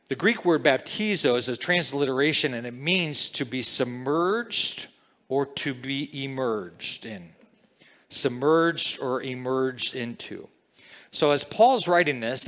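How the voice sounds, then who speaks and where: Male pastor, unhurried sermon delivery, conversational teaching style, reverberant hall sound. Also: medium pitch, fairly bright tone. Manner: conversational teaching, frequent "okay?" and "all right?" check-ins.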